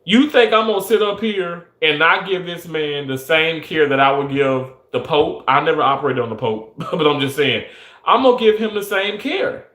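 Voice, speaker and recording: Man, young adult, emphatic, restarts often, slightly high voice, roomy echo. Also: lively intonation, moderate pace, fairly bright tone. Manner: earnest, emphatic, many restarts. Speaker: surgical technologist. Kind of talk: casual monologue. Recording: echoey room.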